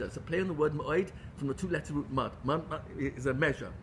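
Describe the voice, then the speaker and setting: High, bright English teacher man. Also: expressive, fast talker, few pauses, slight background noise. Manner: earnest, with many restarts and Hebrew terms. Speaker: rabbi teaching a class. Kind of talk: Torah class.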